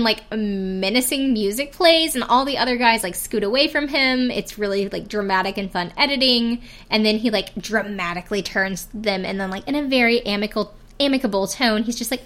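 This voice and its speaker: A woman's voice: mid-range voice, expressive, normal speed, fairly bright tone. A young woman hosting a casual podcast, recapping a reality show in a chatty, giggly way, full of "like" and "um". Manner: chatty, giggly, heavy use of "like" and "um". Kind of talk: casual chat.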